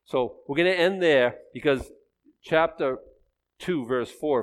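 A male pastor delivers a sermon at a rapid clip, like an auctioneer. His tone is conversational and direct, with emphatic repetition. His pitch sits in the middle range for a man. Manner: fast-talking, conversational, emphatic.

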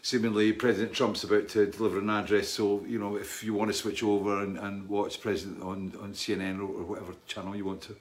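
A man's voice: fairly low pitch, level tone, fast talker, hardly any pauses. A middle-aged man from Britain hosting a casual live stream, rambling with restarts and reading out viewers' names. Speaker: livestream host.

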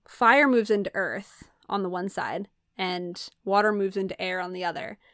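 Woman, casual chat, giggly, patient explainer, mid pitch, dry close recording. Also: moderate pace, fairly bright tone, no echo. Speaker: podcast co-host.

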